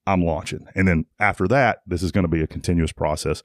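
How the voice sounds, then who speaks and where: A middle-aged man talks in a low, deep voice. He tells stories casually and rambles, restarting his sentences and leaning on "like." The sound is dry and close. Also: steady tone, fast, no echo. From Tennessee. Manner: rambling, frequent restarts and "like" fillers. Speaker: guest, jiu-jitsu academy owner. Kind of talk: casual conversational storytelling.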